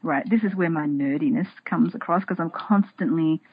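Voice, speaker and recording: A woman's voice: deep voice, moderate pace, highs cut off, slight background noise. A woman guest on a podcast, talking casually and animatedly, acting out her inner voices, often restarting and repeating words. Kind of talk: casual interview talk.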